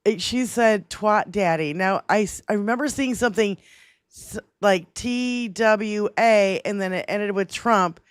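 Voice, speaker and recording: A woman's voice: medium pitch, a little slow, smooth, dry recording, studio quality. A woman co-hosting a political livestream in casual chat, swearing freely, laughing often and reading out viewer comments. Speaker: livestream co-host.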